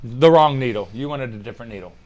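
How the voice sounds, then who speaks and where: A man's voice: medium pitch, fast, a little mellow. A man co-hosting a live stream show, chatting casually, swearing, teasing and laughing often.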